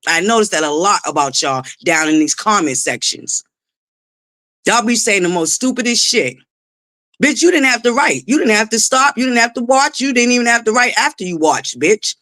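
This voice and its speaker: A woman's voice: a little high, expressive, moderate pace, a bit bright, dry recording. A woman hosting a casual livestream who greets chatters by name, laughs often and swears freely. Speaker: livestream host.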